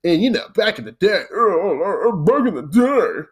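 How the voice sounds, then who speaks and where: A man's voice: sits high, sing-song, moderate pace, husky. A man in his twenties ranting casually, swearing freely and checking in with his listeners. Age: 20s. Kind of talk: casual comedic rant.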